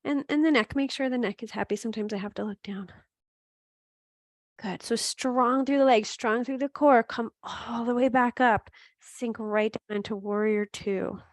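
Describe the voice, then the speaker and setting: A woman teaching a gentle yoga class, giving steady cues with chatty asides and laughing at her own slips. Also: fairly high pitch, normal speed, no room sound, studio quality. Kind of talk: guided yoga class instruction.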